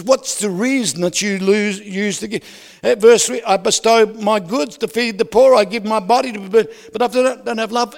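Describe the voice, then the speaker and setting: A male pastor preaching a lively sermon, asking the congregation questions and swinging from loud to soft. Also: sits high, vocal fry. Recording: reverberant hall.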